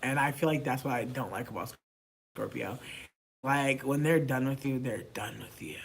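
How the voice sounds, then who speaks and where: A man chatting casually to camera, animated and profane, swinging from loud outbursts to mumbled asides. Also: medium pitch, normal speed, creaky, a little hiss or hum. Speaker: vlogger.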